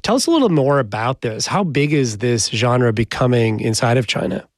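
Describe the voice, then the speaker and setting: A man's voice: mid-range voice, expressive, moderate pace, dry recording. Polished male interview host, dry studio sound. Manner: polished, conversational questioning. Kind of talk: broadcast interview.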